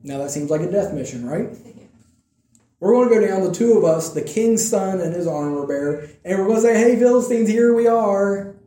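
A male preacher retelling a scripture story in a relaxed, conversational way, his voice pitched a little high but mellow in tone. He bursts into lively quoted lines as he tells it. The room around him is echoey. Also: brisk. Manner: animated storytelling, acting out the quotes. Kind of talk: conversational sermon.

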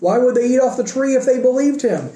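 A man preaching a sermon, asking rhetorical questions and moving between emphatic lines and hushed ones. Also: very high-pitched, animated, fairly quick. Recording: echoey room.

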